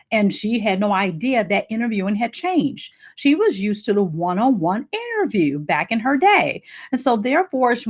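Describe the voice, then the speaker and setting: A middle-aged woman career coach giving an energetic talk on job interviews, her voice moving up and down. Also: medium pitch. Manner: energetic, lively up-and-down delivery.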